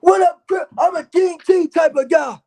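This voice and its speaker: A man putting on a loud male street hype man who keeps shouting out names on a livestream. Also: very high-pitched, pitched above the performer's own voice. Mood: hyped. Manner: shouting, rapid shout-outs. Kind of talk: livestream character bit.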